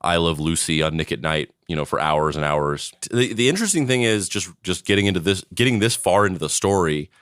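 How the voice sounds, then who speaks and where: A man's voice: sits low, lively intonation, brisk, few pauses, a bit bright, no echo, studio quality. A man co-hosting a podcast, chatting casually and rambling a bit. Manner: rambling, loose conversational delivery. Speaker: podcast co-host. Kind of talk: casual chat.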